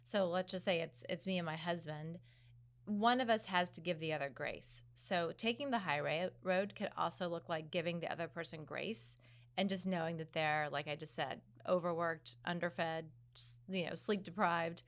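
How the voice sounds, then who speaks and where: A woman's voice: lowish voice, moderate pace. A middle-aged woman co-hosting a casual conversation, chatty and self-deprecating, laughing often. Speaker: podcast co-host, daughter-in-law.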